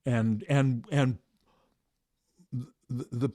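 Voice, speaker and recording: A man leading a meditation discussion, speaking softly and reflectively with halting restarts. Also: mid-range voice, fairly even intonation, dry recording, studio quality. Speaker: meditation teacher.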